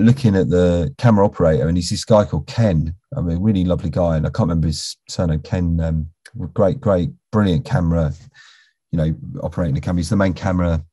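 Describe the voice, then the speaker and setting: A middle-aged British actor tells a rambling story from a film set, full of restarts and asides. His voice is low, mellow and a little husky. The recording is close and dry. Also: dry recording. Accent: British English. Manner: rambling, with many restarts and "you know"s, drops to a near whisper when quoting. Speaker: actor interviewed as a guest. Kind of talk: casual anecdotal storytelling.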